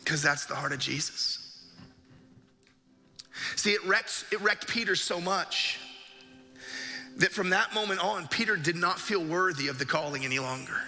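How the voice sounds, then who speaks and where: A man's voice: high voice, moderate pace, vocal fry, long pauses, bright, forceful tone. A man preaching a sermon as a pastor, telling a story vividly and with emphasis. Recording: echoey hall with faint music.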